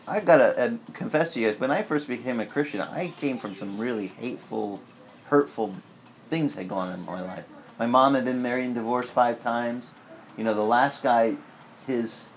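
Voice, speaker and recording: A male pastor delivering a sermon in a loose, conversational manner, voice sitting at an ordinary middle pitch. He slips into animated acted-out prayers now and then. There's a faint hiss under the recording. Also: moderate pace. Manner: conversational and candid, with sudden lively acted asides in prayer.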